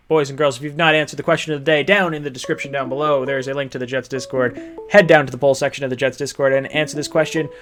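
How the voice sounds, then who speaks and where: A man hosting a casual sports talk show, chatty, laughing easily and rattling off player names and ages. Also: mid-range voice. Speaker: podcast host.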